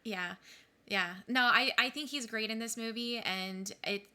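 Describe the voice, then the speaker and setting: A woman co-hosting a podcast, chatting casually and animatedly about a book and its film, with quick asides. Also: fairly high pitch, pushed and bright, smooth. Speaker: podcast co-host.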